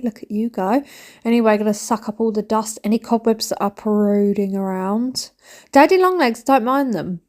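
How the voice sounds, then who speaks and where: A woman's voice: mid-range voice, darkish tone. A woman in her thirties, chatting casually and mocking herself with rambling asides while she cleans her home. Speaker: cleaning vlogger.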